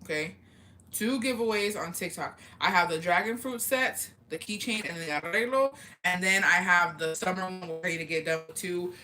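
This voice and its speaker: A woman chats on a casual live stream, answering comments in a blunt, profane way. Her voice sits a little low but comes across bright and forceful. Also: moderate pace. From Mexican heritage. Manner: blunt, profane, chatty, reads comments aloud.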